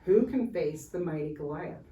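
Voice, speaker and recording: A woman playing a taunting giant bully, shouting. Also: low-pitched, animated, moderate pace. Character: huge boastful bullying male giant warrior. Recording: roomy, from far off, faint hiss.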